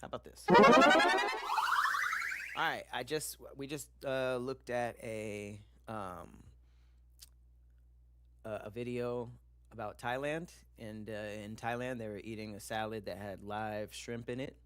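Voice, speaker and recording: A man's voice: lowish voice, steady tone, unhurried, long pauses, clean tone, dry recording, faint music behind. A man streaming casually, chatting loosely with slang and swearing while he reacts to videos and reads viewer comments.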